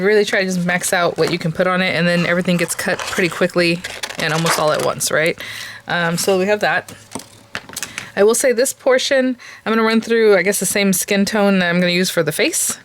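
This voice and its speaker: Chatty woman talking through a craft tutorial. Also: lowish voice. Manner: chatty and self-amused, laughs at herself often; thinks aloud with many fillers. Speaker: papercraft tutorial host. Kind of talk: casual craft tutorial chat.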